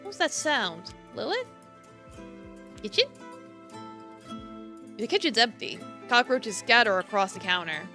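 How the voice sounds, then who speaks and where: Bright-voiced woman reading horror aloud. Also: on the high side, big pitch swings, unhurried, long pauses, faint music behind. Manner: theatrical, swinging between hushed and emphatic lines. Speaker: streamer. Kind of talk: reading a horror visual novel aloud on stream.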